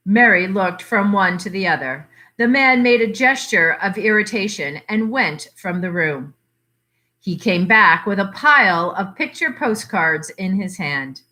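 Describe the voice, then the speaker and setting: Slow, expressive woman reading a story. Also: mid-range voice. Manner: measured, expressive narration. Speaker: library story reader. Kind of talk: reading a short story aloud.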